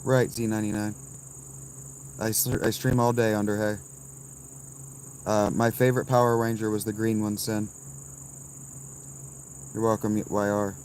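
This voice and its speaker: A man in his thirties, live streaming from a campsite and answering his chat with blunt, dismissive, quick replies. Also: on the low side, flat delivery, a little mellow, a little hiss or hum. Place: outdoors at a campsite.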